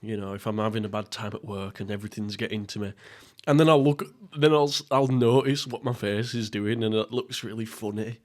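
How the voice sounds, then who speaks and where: Seated at home, a young man hosts a casual mukbang podcast in a lowish, fairly quick voice. He rambles and swears, frequently laughing at himself.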